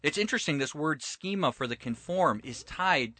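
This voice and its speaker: A man's voice: on the high side, expressive, moderate pace, sharp tone, dry recording. A man teaching from the Bible in conversation, emphatic and preacher-like, retelling scripture stories and acting out the quotes.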